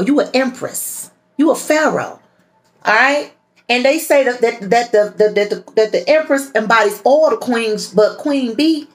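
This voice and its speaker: A woman's voice: fairly high pitch, poor audio. Blunt, profane woman reading tarot. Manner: blunt, profane and preachy, with many repeats. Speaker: tarot reader and channel host. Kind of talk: tarot reading monologue to viewers.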